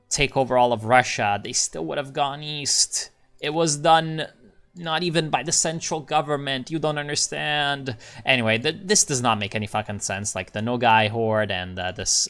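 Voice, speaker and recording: A man's voice: mid-range voice, a bit bright. A man rambling casually through a game commentary as a channel host, muttering to himself and swearing when things go wrong.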